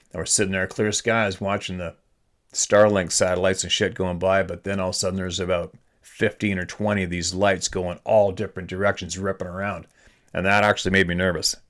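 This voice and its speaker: A middle-aged man hosting a podcast, casually rambling through his own stories and reading listener emails aloud, swearing now and then. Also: deep voice.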